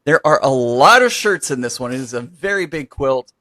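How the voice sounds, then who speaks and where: A man co-hosting a quilting podcast, talking in an upbeat, animated way and plugging the show. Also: mid-range voice, normal speed, dry recording. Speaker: podcast co-host. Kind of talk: casual chat.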